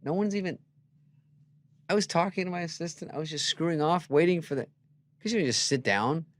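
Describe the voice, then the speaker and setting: A middle-aged man telling comedy stories in casual chat, acting out voices as he quotes people. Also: brisk. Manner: animated, acts out quotes with loud jumps in pitch. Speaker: comedian guest.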